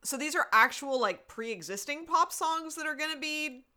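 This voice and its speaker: Bright-voiced wry woman in her thirties. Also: sits high, animated. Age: 30s. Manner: quick, wry and questioning. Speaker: podcast co-host. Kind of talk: casual chat.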